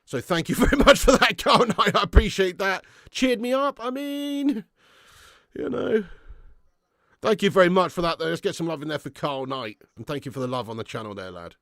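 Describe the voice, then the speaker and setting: A man hosting a live football watch-along with a fairly high voice whose pitch jumps all over the place. He calls the play with sudden excitement, then drops into weary, swearing grumbles between thanks to his viewers. The sound is close and dry. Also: normal speed, vocal fry, no echo. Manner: casual and matey, thanks viewers by name. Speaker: fan channel host doing live match watch-along.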